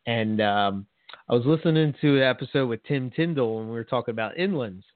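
A man's voice: mid-range voice, a little fast, dry recording. Chatty man on a tinny line. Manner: rambling, laughs a lot, many fillers. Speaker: podcast co-host. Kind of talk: casual chat. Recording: tinny phone-like sound, dry.

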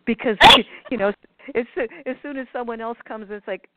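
Over a tinny, dry phone line with heavy background noise, a woman guest explains manifestation at length in a casual way, full of fillers and restarts. Her voice is a little high and her speed normal, and she sometimes acts out other people's voices in quoted asides.

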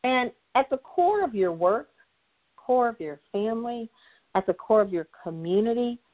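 A woman's voice: on the high side, lively intonation, moderate pace. A woman facilitator talking through a conversational discussion, stressing her points by repeating key phrases. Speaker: guest, nonprofit consultant and facilitator. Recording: tinny phone-like line.

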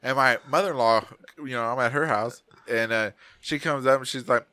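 A man's voice: medium pitch, brisk, sharp tone, no room sound. A middle-aged man, co-hosting a podcast and telling rambling, profane stories in casual chat. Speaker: podcast co-host.

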